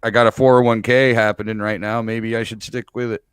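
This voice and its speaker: A man's voice: on the low side, flat delivery, brisk. A man hosting a podcast, chatting casually with a guest in an easygoing, rambling way. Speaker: podcast host. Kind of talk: casual chat.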